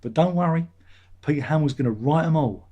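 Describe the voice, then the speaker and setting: A man's voice: a little high, brisk, mellow, lo-fi sound. A man hosting his own vlog, chatting in a meandering way and swearing casually. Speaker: vlogger, channel host. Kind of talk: rambling casual chat.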